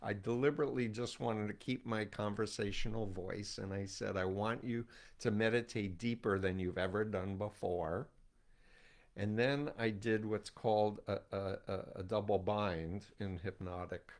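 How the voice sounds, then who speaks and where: Low-voiced older man telling a story. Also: normal speed. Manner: animated storytelling, acts out quoted voices. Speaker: host, cult expert. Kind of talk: conversational interview.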